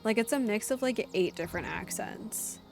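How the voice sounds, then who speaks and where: A woman streaming a video game live in casual, chatty commentary, animated and quick to laugh. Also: mid-range voice, gravelly. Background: game music.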